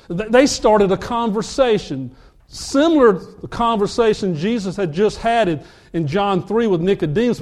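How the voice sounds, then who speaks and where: Man, pastor, high-pitched, animated storytelling sermon. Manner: animated storyteller, acts out dialogue.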